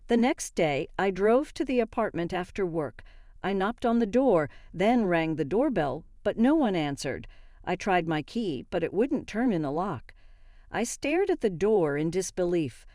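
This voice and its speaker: Woman narrator, first-person story, steady delivery, low warm dry voice. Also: dry recording.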